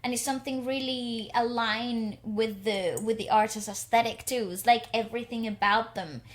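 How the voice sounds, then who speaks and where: A woman co-hosting a podcast, chatting casually and reacting excitedly while music videos play. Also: fairly high pitch, normal speed. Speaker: podcast co-host. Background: faint music from videos.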